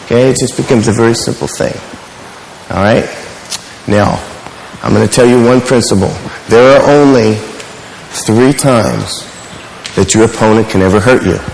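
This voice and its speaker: A man leads a martial arts class, telling stories with animation and asking his students questions. His voice sits at a middle pitch. It rings through a large, reverberant hall with a faint hum of room noise behind it. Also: normal speed, creaky, long pauses, a little mellow. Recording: echoey hall with faint ambience.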